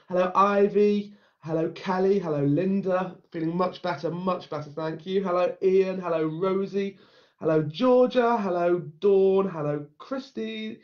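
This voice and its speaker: A man, slightly croaky from a cold, hosting a live stream and chatting warmly with viewers, greeting them by name. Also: sits high, dull audio. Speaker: host.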